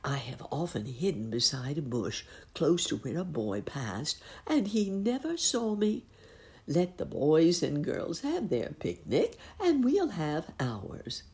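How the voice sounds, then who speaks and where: A woman doing a cheerful old rabbit gentleman. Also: sits low, big pitch swings, slow pace, voice pushed up, exaggerated voice. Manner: cheerful, chuckling.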